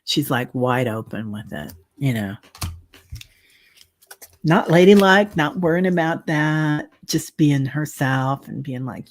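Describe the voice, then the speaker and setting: A middle-aged woman doing a tarot reading livestream, talking casually and warmly with viewers, rambling, with lots of fillers. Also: deep voice, expressive, a little hiss or hum. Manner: slow, chatty, rambling with many fillers. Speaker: tarot reader and medium.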